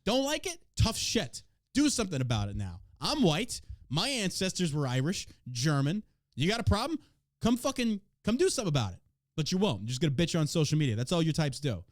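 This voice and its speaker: A man's voice: a little high, sing-song, a little fast, no echo, studio quality. A man hosting a podcast in casual chat, brash, profane and mocking as he reacts to the news and to his chat. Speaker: podcast host.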